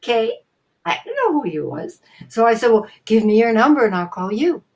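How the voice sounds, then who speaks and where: An older woman, a voice actress being interviewed, telling stories in a theatrical, animated way with frequent restarts. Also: fairly high pitch, a little fast. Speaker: guest voice actor. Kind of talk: casual interview storytelling.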